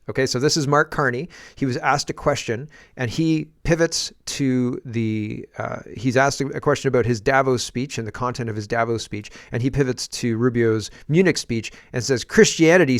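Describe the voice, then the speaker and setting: A man from Canada giving opinionated political commentary, sarcastic and exasperated, often stumbling and restarting his sentences. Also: medium pitch.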